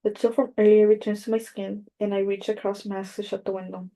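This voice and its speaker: A woman narrates a first-person audiobook in a measured, even reading. Her voice is dark and mellow, and the melody stays flat from line to line. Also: mid-range voice.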